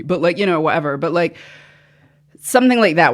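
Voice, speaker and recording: A woman's voice: low voice, moderate pace. A woman being interviewed on a podcast, an actor who rambles and drifts off track in casual chat. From the islands, came to America at seven.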